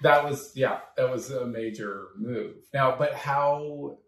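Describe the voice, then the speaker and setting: A man hosting a casual interview in his apartment, reacting eagerly and asking quick follow-up questions. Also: mid-range voice, fairly bright tone, echoey room, distant mic. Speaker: host.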